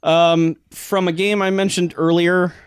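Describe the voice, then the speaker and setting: A man's voice: sits high, level tone, measured pace, clear, resonant tone, dry recording. Rambling podcast guy with a dry close mic. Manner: rambling, laughs often. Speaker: podcast co-host. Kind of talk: casual chat.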